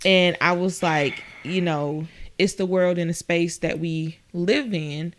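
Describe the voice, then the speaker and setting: A young adult woman, appearing as a guest, chats casually and tells stories from her working life, quoting others in a higher voice. Her tone is steady and she takes it slowly, with music playing in the background.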